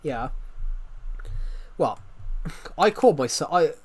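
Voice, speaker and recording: A man's voice: a little high, animated, extremely slow, breathy edge. A young British man in his twenties chatting casually on a live stream, rambling and repeating himself as he answers viewers. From Britain. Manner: rambling, repeats and restarts phrases.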